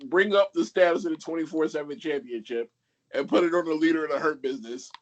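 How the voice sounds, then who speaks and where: A man's voice: fairly high pitch, fast, lo-fi sound. A man co-hosting a casual wrestling podcast, teasing the others and questioning them. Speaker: podcast co-host.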